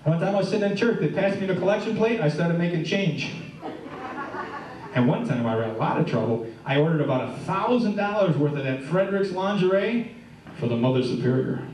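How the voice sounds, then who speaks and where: A man's voice: high-pitched, expressive, fairly quick, darkish tone, a little hiss or hum. A middle-aged man doing stand-up comedy, telling jokes in a chatty way and asking the crowd questions, live on stage. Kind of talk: stand-up routine with audience banter. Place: live stage before an audience. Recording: echoey room, heard from far off.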